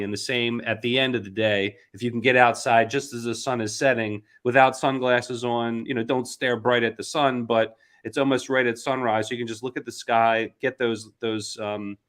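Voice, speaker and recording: A man hosting an interview, explaining things in a measured way with frequent ums. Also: medium pitch, steady tone, a bit bright. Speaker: interview host. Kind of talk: conversational interview.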